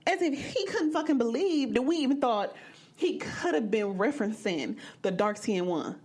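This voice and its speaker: A young woman from the American Midwest hosting a podcast, telling a personal story in a blunt, profane and animated way. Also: a little high, normal speed, breathy edge. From Midwestern United States. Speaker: podcast host. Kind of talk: candid storytelling monologue.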